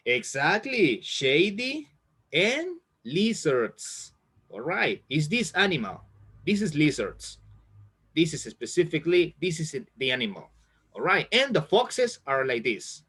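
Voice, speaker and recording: A man teaching an English reading class over a video call, speaking slowly and repeating words to encourage his students. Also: a little high, very animated, a bit bright, husky.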